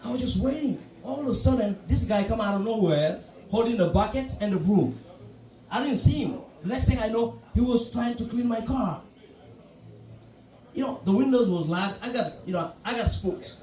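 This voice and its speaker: A male stand-up comedian telling a story on a club stage, animated and full of asides. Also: high-pitched, normal speed. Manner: storytelling, animated, frequent asides like "you know". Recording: echoey club from a distant mic.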